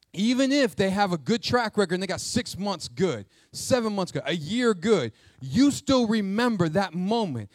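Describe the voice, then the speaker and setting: A middle-aged male pastor preaching a sermon in a lively, conversational way, mixing jokes and asides into his teaching. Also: sits high, moderate pace, few pauses, no room sound.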